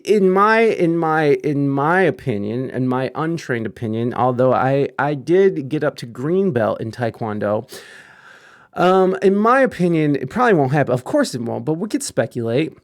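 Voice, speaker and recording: Animated and unhurried, a young man with a higher-pitched voice hosts a podcast where he reads the news in a conversational style. He riffs, laughs, and swears between lines, recorded in clean studio quality with no echo.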